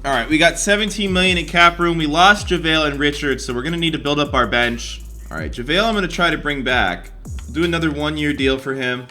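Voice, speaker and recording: A young man commentating over a basketball video game as a gaming YouTuber, excitable and quick to get frustrated. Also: fairly high pitch, faint music behind. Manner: excitable, swings between hype and frustration.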